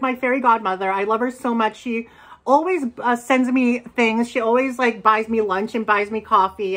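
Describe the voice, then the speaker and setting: A woman chatting casually as she unboxes and reviews secondhand bags, excitable and quick to gasp and laugh. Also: on the high side. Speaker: reseller vlogger.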